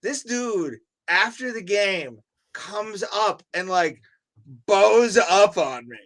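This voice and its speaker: Young male co-host, bright and animated, loose profane storyteller. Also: high voice, takes it slowly. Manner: animated storyteller, swears freely. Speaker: podcast co-host. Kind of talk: casual chat.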